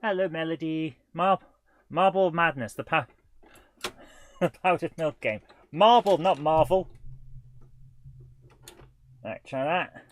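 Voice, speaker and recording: A man's voice: fairly high pitch, measured pace, pauses often, fairly bright tone. A man in his forties hosts a live retro gaming show, chatting casually in a rambling, self-deprecating way with chuckles. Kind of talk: casual livestream chat.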